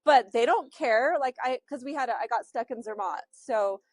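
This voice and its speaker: Woman with Utah accent, slightly high voice, chatty instructor, dry close sound. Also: normal speed, no room sound. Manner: chatty, loose, many fillers and restarts. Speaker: real estate social media instructor. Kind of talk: teaching a class.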